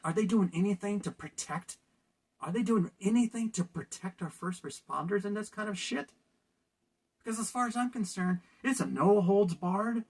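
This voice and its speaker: A man from California ranting in a casual opinion vlog, sarcastic and laughing at his own jokes. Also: high-pitched. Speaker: vlogger.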